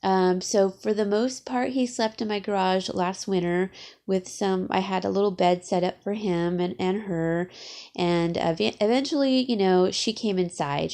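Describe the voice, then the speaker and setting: A woman's voice: fairly low pitch, fairly even intonation, creaky, mellow. Teary woman vlogging from her garage. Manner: tearful, sniffling, halting with many fillers. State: teary from crying. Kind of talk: casual vlog talk. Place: home garage.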